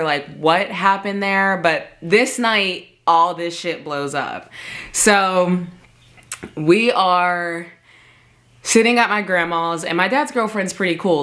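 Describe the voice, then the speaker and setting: A woman with a notably low voice telling a personal story to camera. Casual and emphatic, she leans on "like" constantly. It is a close-mic storytime vlog. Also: bright, forceful tone. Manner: casual, emphatic, heavy filler "like". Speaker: vlogger.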